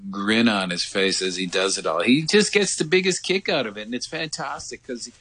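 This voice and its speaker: Guy on a phone line, bright voice, rambly animated story, tons of restarts. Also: medium pitch, moderate pace, no room sound. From United States. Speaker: sports reporter calling in. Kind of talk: casual radio phone chat.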